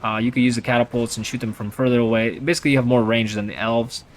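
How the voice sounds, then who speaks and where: A man's voice: medium pitch, fairly even intonation, quick pace. Rambling young man commenting on gameplay. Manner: rambling, chatty, lots of fillers and restarts. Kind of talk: casual game commentary.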